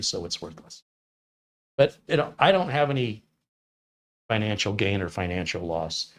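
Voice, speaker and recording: A man in his fifties from Michigan, a computer technician chatting casually with viewers on a livestream in a wry, opinionated manner with sarcastic asides. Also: lowish voice. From Michigan, USA. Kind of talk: casual chat answering viewers.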